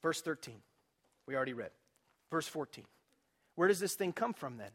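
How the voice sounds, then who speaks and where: A man preaching a sermon as pastor, animated and humorous, often putting questions to his congregation. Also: on the high side, moderate pace, breathy edge.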